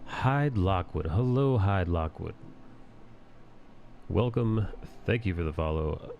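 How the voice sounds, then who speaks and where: A man's voice: low voice, lively intonation, slow, vocal fry, dull audio, slight background noise. A man in his thirties hosting a casual live stream while he draws, rambling and joking crudely with the chat. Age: 30s. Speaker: live-stream host and artist.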